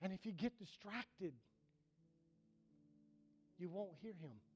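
A man with a notably high voice and a drawl preaches from the pulpit. He builds to loud, repeated cries, then drops to a near hush. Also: expressive, slow pace. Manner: impassioned preaching with rising, shouted repetitions and sudden hushed drops. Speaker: pastor. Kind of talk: sermon.

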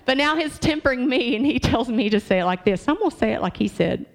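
A woman's voice: on the high side, lively intonation, fast talker. A woman preaching a sermon in a church, talking conversationally and asking the congregation questions.

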